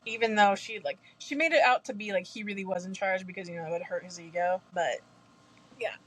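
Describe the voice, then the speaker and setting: A woman's voice: medium pitch, brisk, a bit bright, breathy edge, poor audio. A young woman co-hosting a casual podcast, agreeing often and adding short remarks with laughter. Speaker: podcast co-host. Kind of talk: casual book review chat.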